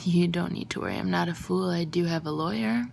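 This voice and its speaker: A woman reading aloud, voicing a jovial, slightly testy businessman in a storybook reading, low and gravelly. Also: a little fast, darkish tone, a little hiss or hum. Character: jovial older businessman boss.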